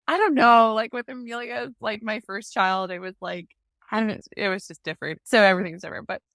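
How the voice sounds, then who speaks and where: A woman's voice: a little high, moderate pace, gravelly, fairly bright tone, no echo, studio quality. A young adult woman, a guest, telling her story in a casual interview and acting out the exchanges she quotes. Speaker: guest, parent advocate.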